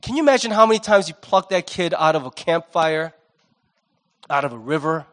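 High-voiced animated man preaching. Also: fairly quick. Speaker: pastor. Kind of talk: sermon.

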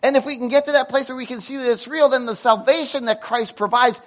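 A man preaching a sermon to a congregation, animated, with loud emotional peaks and quiet asides. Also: very high voice, fast. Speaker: pastor. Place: church sanctuary before a congregation.

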